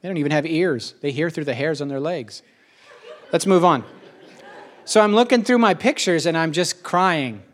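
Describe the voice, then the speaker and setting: A middle-aged man in a casual spoken monologue, rambling and emotional, with quick asides and a lot of repetition. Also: fairly high pitch, lively intonation.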